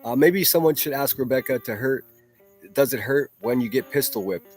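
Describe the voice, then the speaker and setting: A man's voice: mid-range voice, normal speed, a little mellow, faint music behind. A man hosting a solo livestream, ranting in a profane, mocking and combative way. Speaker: livestream host.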